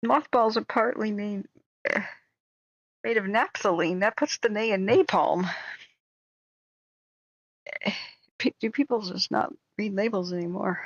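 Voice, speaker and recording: A woman's voice: medium pitch, a little slow, pauses often, dry recording, muffled recording. A woman chatting casually on a live stream, talking emphatically and repeating words as she starts sentences, with a slightly sore voice. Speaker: wildfire-tracking live streamer. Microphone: home streaming setup.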